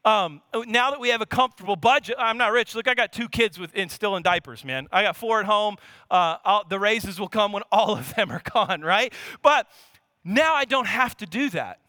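A man in his thirties from Louisiana with a Louisiana accent, preaching a lively sermon as a pastor, full of repetition and rhetorical questions. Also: sits high, moderate pace, no room sound, studio quality.

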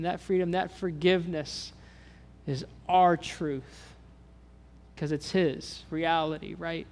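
Earnest pastor, higher-pitched man. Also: steady tone, slow pace. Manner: personal, earnest storytelling with many restarts; swells louder and higher when voicing God's words. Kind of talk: sermon. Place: church sanctuary.

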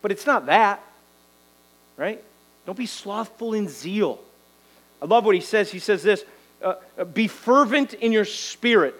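Male pastor, high voice, exhorting sermon delivery, faint mains hum. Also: animated, unhurried, pauses often, fairly bright tone, poor audio. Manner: exhorting, rhetorical "right?" tags.

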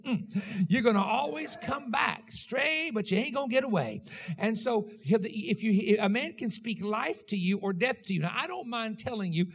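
A man's voice: sits high, slightly rough. A man preaching a sermon as pastor, in a rhythmic style with frequent call-outs to his congregation.

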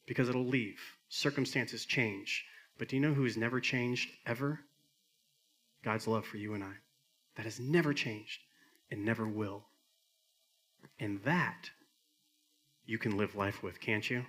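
Speaking at normal speed, a middle-aged pastor delivers a sermon to his church in an earnest, mid-range voice. He builds to emphatic high points, then drops back to quiet, soft lines.

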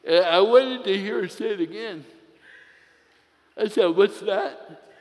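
A man's voice: high-pitched, a little slow, a little mellow. A man preaching a sermon, telling a personal story with playful humor before turning to scripture. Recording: long reverb of a large hall.

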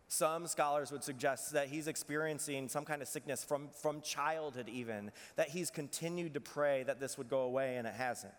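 A man preaching a sermon as pastor, earnest, dropping soft and slow on the painful lines. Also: medium pitch, big-room sound.

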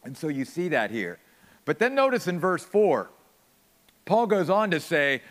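A man's voice: fairly high pitch, big pitch swings, a little slow, long pauses, a bit bright, in a large hall. A man preaching an earnest sermon, piling up repeated phrases for emphasis. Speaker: pastor.

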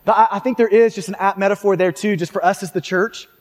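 A man's voice: sits high, fairly even intonation, quick pace, in a large hall. A man preaching a sermon in a conversational way, often asking "right?" and restarting sentences. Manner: conversational, frequent tag questions and restarts. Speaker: pastor.

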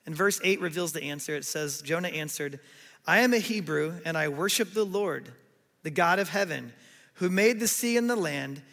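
A man preaching a sermon in a sanctuary, his voice pitched high with a gravelly edge. He tells the story with animated delivery and acts out what people said, and long reverb trails after him. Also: moderate pace. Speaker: pastor.

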